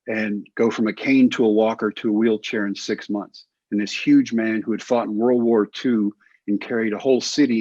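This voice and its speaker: A man with a husky, slightly breathy voice tells a long personal story in an interview, acting out each quoted line as he goes. The recording is dry and a little dull. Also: on the low side, a little mellow, no echo. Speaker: guest, former pitcher and coach.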